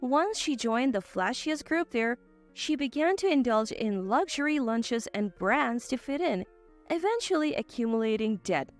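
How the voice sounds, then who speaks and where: A woman narrating a family drama story in the first person, in a steady storytelling manner. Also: fairly high pitch, normal speed, faint music behind.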